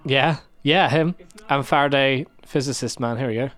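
A man's voice: medium pitch, moderate pace, fairly bright tone, no echo. A man co-hosting a casual rewatch podcast, chatty and explaining timelines with frequent laughter. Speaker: podcast co-host.

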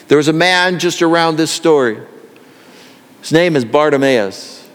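A man's voice: a little high, lively intonation, normal speed, big-room sound. A male pastor delivering an earnest sermon that builds in intensity.

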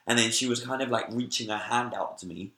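A man from London with a London accent telling a story in an animated, chatty way, often adding "like" and "right?". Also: mid-range voice, a little fast. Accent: London English. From London, England. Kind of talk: casual anecdotal storytelling. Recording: roomy echo.

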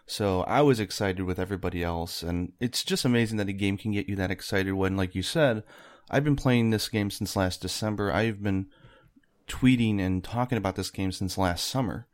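A man guesting on a podcast, talking softly and modestly in a loose, rambling way. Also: lowish voice, normal speed. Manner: soft-spoken, modest, rambling with restarts. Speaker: podcast guest, video creator. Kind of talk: casual podcast chat.

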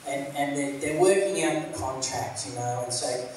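A man's voice: medium pitch, moderate pace, darkish tone. Echoey, distant male pastor preaching. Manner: rambling, conversational, many fillers and restarts. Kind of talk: sermon. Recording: echoey room, mic at a distance, faint hiss.

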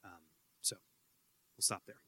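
In a hall with long reverb, a man fields questions from students in an unhurried, bright voice with a forceful tone. The casual talk rambles along, full of fillers and joking asides.

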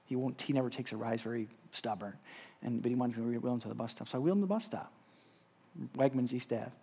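Male pastor, husky tone, expressive preaching with dramatic volume swings. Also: medium pitch, fast talker. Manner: animated storyteller, shouting the story's lines, dropping to a hush. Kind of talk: sermon with storytelling and prayer. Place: church hall.

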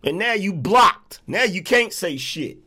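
A man's voice: high-pitched, animated, a little slow, bright, forceful tone, slightly rough. A man hosting a livestream, ranting at viewers in a profane, repetitive, confrontational way. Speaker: livestream host. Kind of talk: angry livestream rant.

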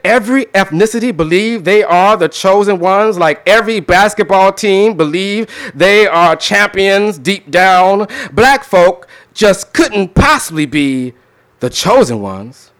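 A man in a slightly higher register than most, riffing casually with a crowd before sliding into a spoken word poem. His delivery is rhythmic and emphatic, with pointed pauses between lines. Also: animated, fairly bright tone. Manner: conversational with laughter, then rhythmic performed delivery. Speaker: poet. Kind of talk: spoken word poetry reading.

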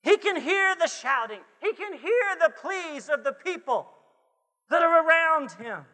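A male pastor delivers a sermon in a very high, bright, ringing voice, taking his time over every phrase. He drops to hushed tones and then climbs to shouted refrains. The sound carries a long hall reverb from the church sanctuary. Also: lively intonation, measured pace. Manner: preaching, swings from hushed to shouted.

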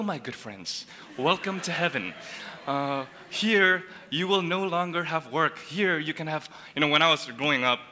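A male pastor delivers a sermon in a bright, ringing, slightly high voice. He is earnest and restarts phrases as he builds his points. His voice carries a long reverb from a church hall. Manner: earnest, repeats words while building a point.

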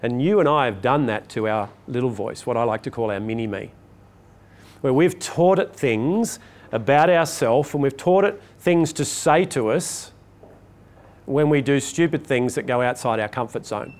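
A man's voice: mid-range voice, expressive, moderate pace, a little mellow. An older man, a public speaking coach, giving a chatty motivational talk to a live audience and asking it questions.

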